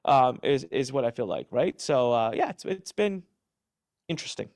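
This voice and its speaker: A man's voice: medium pitch, expressive, normal speed, darkish tone, no echo, clean studio sound. A man being interviewed, telling his story emphatically and with animation, often restarting his sentences. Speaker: interview guest. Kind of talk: candid interview answers.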